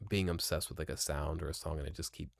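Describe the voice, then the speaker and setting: A man's voice: very deep voice, steady tone, fast talker, vocal fry, dry recording, studio quality. A man giving casual gameplay commentary at a home desk mic, rambling and profane, mocking himself and jumping between mutters and exclamations. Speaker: let's play streamer.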